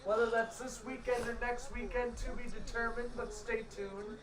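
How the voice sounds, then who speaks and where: A man's voice: very high-pitched, flat delivery, normal speed, distant mic. A man co-hosting a live sports stream, chatting offhandedly and joking between plays. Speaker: co-host. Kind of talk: casual chat during a live sports stream. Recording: roomy, off-mic with game crowd noise.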